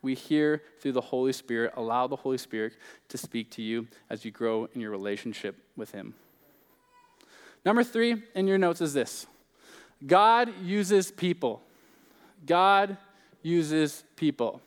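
A man's voice: mid-range voice, expressive, normal speed, a little mellow, smooth, in a large hall. A young man preaching a sermon as pastor, in a casual, joking, conversational way.

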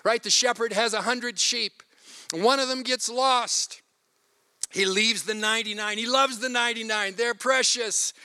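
A man's voice: very high voice, steady tone, measured pace, bright, forceful tone, smooth. A man preaching a sermon, animatedly retelling a story with quoted voices. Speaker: pastor.

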